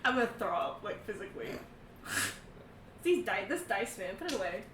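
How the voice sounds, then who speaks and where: A woman narrating as game master of a tabletop game, excitable and laughing as she voices the characters. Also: medium pitch, moderate pace, reverberant, far from the mic, a little hiss or hum.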